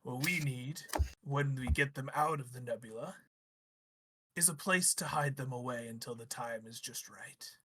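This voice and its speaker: A man playing a hushed, scheming space rogue. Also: medium pitch, normal speed, breathy edge. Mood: conspiratorial. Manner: hushed, conspiratorial, persuasive. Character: brash smooth-talking male space rogue.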